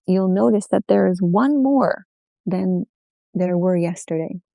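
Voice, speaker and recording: A woman storyteller voicing a talking fish who speaks in a calm, reassuring way. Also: fairly low pitch, unhurried, vocal fry, no echo, clean studio sound. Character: helpful fish, calm and kind.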